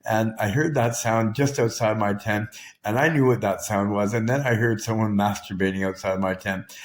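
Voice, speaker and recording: A man's voice: on the low side, steady tone, moderate pace. A man with a Canadian accent telling his own story in a raw, emotionally charged, profane way. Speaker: vlogger. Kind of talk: personal storytelling.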